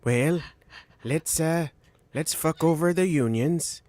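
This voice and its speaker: A man's voice: on the high side, darkish tone, pitched above the performer's own voice. Man doing a doddering old president. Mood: drawling. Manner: slow, drawling, calls someone mommy. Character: doddering elderly male president, folksy.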